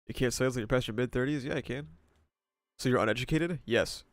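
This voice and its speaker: A man's voice: mid-range voice, fast talker, no room sound, clean studio sound. A man in his twenties with a stuffy nose, chatting casually with viewers on a livestream in a laid-back way, greeting chatters by name, laughing and swearing. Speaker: streamer. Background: video game soundtrack music.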